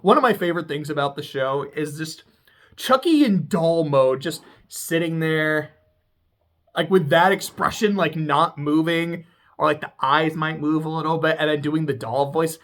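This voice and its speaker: Excitable profane TV recapper. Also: mid-range voice, normal speed. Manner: excitable, profane, laughs often. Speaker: TV show reviewer. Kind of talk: casual TV episode recap.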